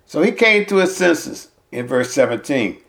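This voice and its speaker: A man's voice: on the high side, sing-song, moderate pace, vocal fry, fairly bright tone. A man preaching a sermon, reading scripture and then walking through numbered points with folksy personal asides.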